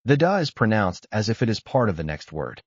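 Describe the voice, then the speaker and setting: A man narrating a scripted language lesson, explaining rules in a measured way. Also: on the low side, big pitch swings, slightly rough, dry recording, lo-fi sound. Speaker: language teacher.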